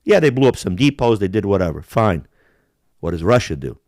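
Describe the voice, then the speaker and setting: A man's voice: on the low side, sing-song, brisk, a little mellow, no room sound, studio quality. A man ranting on a casual podcast, heated and profane, mimicking accents to make his point. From Balkans. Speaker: podcast host.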